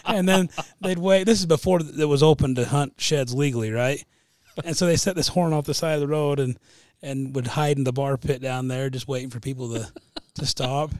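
A man's voice: mid-range voice, normal speed, darkish tone, no echo. Man, casual chat, rambling storyteller, laughs mid-sentence, dry sound.

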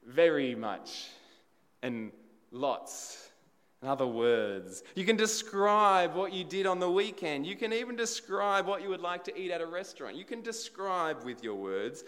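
Lively, conversational male preacher in a reverberant hall. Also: on the high side. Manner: conversational, full of rhetorical questions to the congregation. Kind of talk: sermon.

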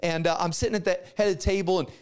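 A middle-aged male pastor telling a story in a sermon, acting out the dialogue with lively energy. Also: sits high, very fast, clean tone.

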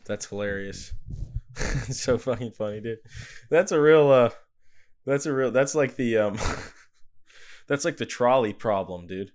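A young man co-hosting a podcast, trading crude jokes and laughing loudly at his friend's stories. He swears often and talks in a loose, casual way. His voice sits at a middle pitch. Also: a little slow, long pauses. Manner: profane, laughing, joking reactions. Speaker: podcast co-host. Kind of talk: casual chat.

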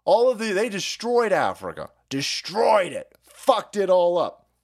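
A man's voice: high voice, huge pitch swings, measured pace, vocal fry. A man hosting a livestream, ranting in profane, sarcastic commentary and laughing between his lines. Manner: sarcastic, swears constantly, laughs mid-sentence. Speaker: livestream host.

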